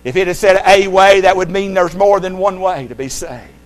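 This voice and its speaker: A man preaching a sermon with a slightly higher-than-usual voice. He swings between loud, emphatic lines and hushed, low ones, reciting old-fashioned scripture. A faint electrical hum runs underneath. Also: steady tone, moderate pace.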